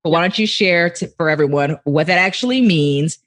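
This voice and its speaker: A woman hosting a faith-based business podcast, upbeat and quick, laughing easily. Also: lowish voice. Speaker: podcast host. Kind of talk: podcast interview chat.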